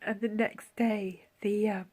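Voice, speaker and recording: Slow and husky, her mid-range voice barely moves in pitch as this woman reflects in a personal vlog. She's soft-spoken and tender, her heartfelt words often dropping to a whisper.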